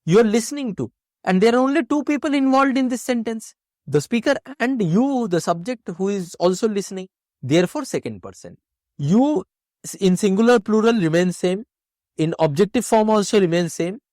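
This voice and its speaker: A man's voice: high-pitched, animated, normal speed, a little mellow, no room sound, studio quality. A man teaching an exam-prep grammar lesson, explaining step by step and asking and answering his own questions.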